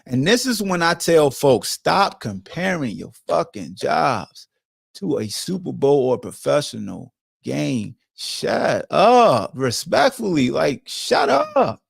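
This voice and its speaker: Animated cursing male sports podcast host. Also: on the high side, a little slow, creaky, slightly rough, no room sound, studio quality. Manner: profane, animated, lecturing. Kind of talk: casual sports commentary rant.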